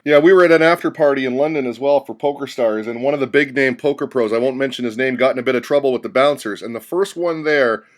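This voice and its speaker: A man's voice: mid-range voice, fast talker, hardly any pauses. A man hosting an interview, asking questions and telling anecdotes in a conversational way. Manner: conversational, storytelling. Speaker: interviewer host.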